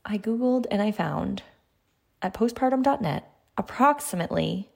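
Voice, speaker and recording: A woman's voice: mid-range voice, lively intonation, moderate pace, vocal fry. A woman in her thirties hosting a casual solo podcast, talking in a chatty, conversational way, laughing lightly now and then. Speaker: podcast host.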